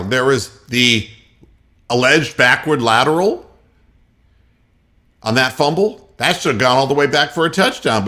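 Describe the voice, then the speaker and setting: Male sports radio host, sarcastic profane ranter, lively pitch, bright tone. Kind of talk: ranting sports commentary.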